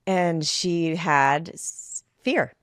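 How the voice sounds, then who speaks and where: A woman's voice: low-pitched, drawn-out words, no echo, clean studio sound. A woman who is a mother, hosting a conversational interview in a casual way with many "like" and "um" fillers. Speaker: host.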